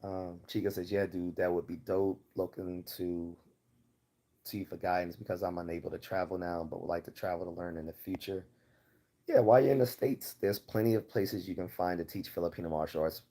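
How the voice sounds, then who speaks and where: Low, mellow Baltimore man. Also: steady tone, brisk. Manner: rambling, many fillers and restarts. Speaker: livestream host. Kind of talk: casual livestream Q&A.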